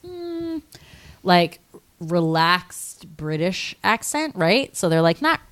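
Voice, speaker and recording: A woman's voice: fairly low pitch, big pitch swings, slow pace. A woman co-hosting a podcast in casual chat, easygoing and explaining with many fillers. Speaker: podcast co-host.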